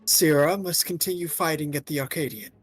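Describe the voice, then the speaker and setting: A man doing a deep-voiced villainous president. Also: brisk, husky, no echo, faint music behind. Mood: menacing. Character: scheming villainous male president, grandly formal.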